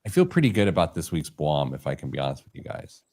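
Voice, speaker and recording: A man's voice: very deep voice, huge pitch swings, fast talker, darkish tone. A man hosting a casual podcast, joking at his own expense and tripping over his words. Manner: jokey, self-deprecating, stumbles over words. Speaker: show host.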